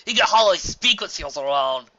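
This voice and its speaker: Woman voicing an amused chiding mare, storybook, bright tone, lo-fi. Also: fairly low pitch, animated, fairly quick, pitched above the performer's own voice. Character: adult mare, a gossiping coworker, warm and amused. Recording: dull lo-fi home recording.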